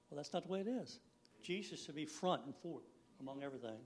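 Folksy older man preaching, higher-pitched. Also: lively intonation, fast, a little hiss or hum. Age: 60s. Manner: folksy, rambling, often laughs. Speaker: lay preacher. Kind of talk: informal church sermon.

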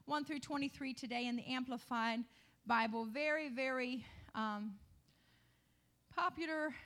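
A woman's voice: high voice, fairly bright tone. A middle-aged woman pastor preaching a sermon, putting rhetorical questions to her congregation.

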